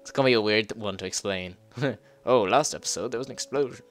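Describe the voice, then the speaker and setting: A man giving casual gameplay commentary, excitable, swearing and laughing as he plays. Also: fairly low pitch, soft background music. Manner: excitable, swears and laughs, quick yelps when startled. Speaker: let's play gamer.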